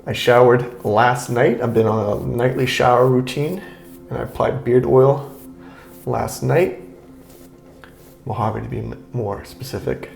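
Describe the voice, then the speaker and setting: Man, gravelly voice, laid-back how-to vlogger, roomy echoey room. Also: medium pitch, darkish tone. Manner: easygoing, chatty, repeats himself with fillers. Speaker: beard grooming vlogger. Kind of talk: relaxed how-to talk while trimming.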